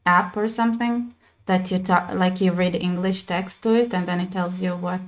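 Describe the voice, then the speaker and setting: A woman with an Israeli accent, a native Hebrew speaker, hosting a casual livestream chat and talking in quick bursts with many restarts. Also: lowish voice, steady tone. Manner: chatty, many restarts and fillers. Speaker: channel host.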